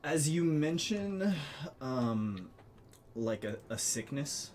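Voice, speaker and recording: Give me a casual, mid-pitched man as game master who laughs easily. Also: big pitch swings, takes it slowly, darkish tone, a little hiss or hum. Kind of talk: narrating a tabletop game.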